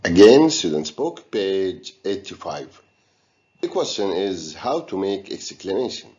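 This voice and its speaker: A male English teacher in a recorded video lesson, speaking slowly and deliberately with a lively, rising-and-falling voice. The recording is a little muffled and lo-fi. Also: low voice. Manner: slow, deliberate, guiding students step by step.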